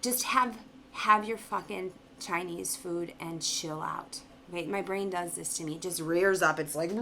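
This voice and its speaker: Woman, bright tense voice, animated profane storyteller, slight background noise. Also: lowish voice, unhurried, gravelly. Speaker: vlogger. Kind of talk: casual storytelling.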